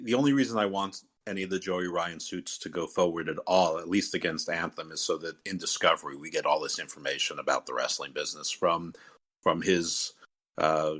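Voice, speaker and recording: Deep-voiced and a touch bright, the host talks wrestling on a casual podcast. He rambles, often stopping to restart and leaning on fillers.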